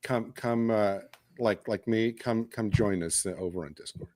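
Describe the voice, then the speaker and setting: A man's voice: lowish voice, unhurried, darkish tone, no room sound, clean studio sound. A man co-hosting a live watch-along, rambling casually with many ums and uhs. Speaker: co-host.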